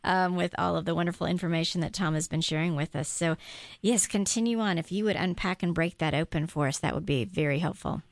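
A woman's voice: lowish voice, quick pace, dry recording. Female host in a studio, laughs easily, dry close sound. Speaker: radio show host. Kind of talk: hosting a talk show.

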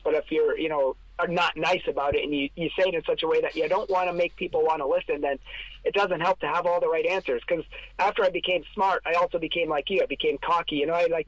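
A man tells his story as a podcast guest, earnest and emphatic, counting off his points one by one. His voice sits a little high for a man. The sound is close and dry. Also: dry recording, poor audio. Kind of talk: casual storytelling.

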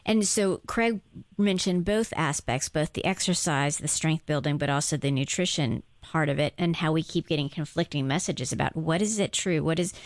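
Low, gravelly-voiced woman hosting a radio show. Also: moderate pace, no echo. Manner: chatty, warm interviewer who sets up long questions. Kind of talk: radio interview.

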